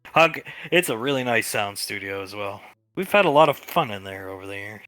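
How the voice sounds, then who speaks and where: A man's voice: lowish voice, lively intonation, sharp tone, no echo. A young man playing a tabletop role-play game, chatting playfully in and out of character. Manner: playful, quick asides and laughing. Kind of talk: casual role-play chat and in-character talk.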